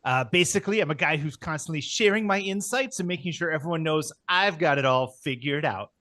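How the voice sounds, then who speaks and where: Man playing a smug thought-leader bro, boastful, slightly high voice. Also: a little fast, pushed and bright, no room sound. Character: smug self-styled thought leader, young adult man.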